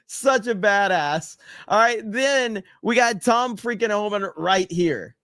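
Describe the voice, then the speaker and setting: A man hosting a livestream, reading chat messages and riffing on them in a loose, swearing, laugh-prone way. His voice sits a little high for a man. The sound is dry and close, with no room echo. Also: slow pace, few pauses, a bit bright. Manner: loose and profane, laughs often. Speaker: podcast host reading viewer chats.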